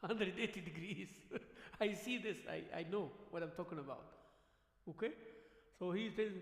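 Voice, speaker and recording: A high-pitched man preaches in a mosque hall, his voice ringing with long reverb. He talks in a loose, conversational way, acting out the voices of the people he talks about and slipping in Arabic words. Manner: animated, acts out quoted voices, sprinkles Arabic words. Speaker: imam. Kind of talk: conversational sermon. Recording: echoey hall livestream.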